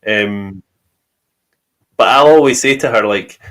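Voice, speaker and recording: A man's voice: fairly low pitch, slow, fairly bright tone. A man with a Scottish accent telling personal stories in a casual chat, often laughing as he talks. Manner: storytelling, laughs often while talking.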